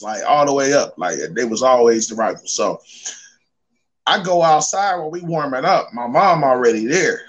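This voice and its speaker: A man telling stories as a podcast guest, animated and slangy in casual chat. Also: mid-range voice, poor audio.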